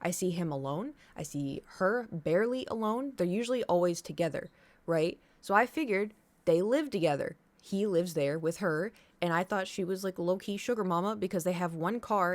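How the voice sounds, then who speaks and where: A woman streaming live, telling a rambling story to her chat in a casual, animated way. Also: lowish voice. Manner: chatty, rambling, animated retelling.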